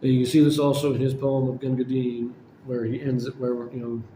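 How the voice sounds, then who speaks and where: Man, casual poetry lecture, mellow tone, self-correcting, roomy echo, faint background hum. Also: mid-range voice, steady tone, normal speed. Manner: explanatory, with frequent fillers and self-corrections. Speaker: poetry channel host.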